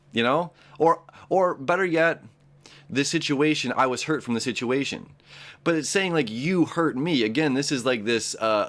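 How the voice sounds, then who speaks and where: A man hosting a daily astrology talk, earnest and encouraging, who repeats and restarts words and keeps checking in with "right?" and "okay?". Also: medium pitch. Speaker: astrology show host. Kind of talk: casual daily horoscope talk.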